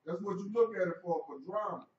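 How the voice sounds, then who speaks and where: A man's voice: high voice, quick pace, lo-fi sound. A man co-hosting in casual banter, teasing and laid-back. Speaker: co-host.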